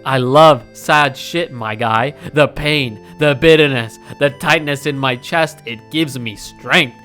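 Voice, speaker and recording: A young man telling a comedic story about himself, animated and mocking, slipping into silly voices. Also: medium pitch, slow, faint music behind.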